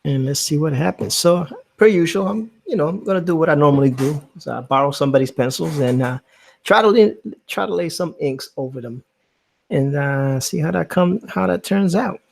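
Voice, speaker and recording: A man's voice: a little high, moderate pace, vocal fry. A man hosting a casual live stream, chatting easily and greeting viewers while he inks a drawing. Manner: relaxed, chatty, reads out viewer comments. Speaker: streaming host.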